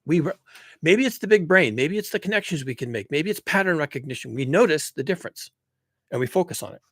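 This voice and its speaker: A man's voice: fairly high pitch, expressive, quick pace, fairly bright tone, dry recording. A man giving a casual, emphatic monologue, rambling with restarts as he builds his points. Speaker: commentator on climate and human nature.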